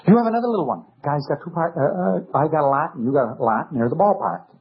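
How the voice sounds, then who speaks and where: A man's voice: a little high, expressive, quick pace, breathy edge. A man giving a sarcastic, emphatic political lecture full of rhetorical questions, on a dull old recording. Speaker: speaker.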